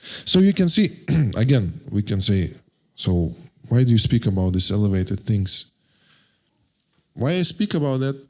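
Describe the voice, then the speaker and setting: A man giving a devotional lecture, speaking haltingly, searching for words and restarting often. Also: lowish voice, big pitch swings. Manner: chants verses slowly in a raised voice.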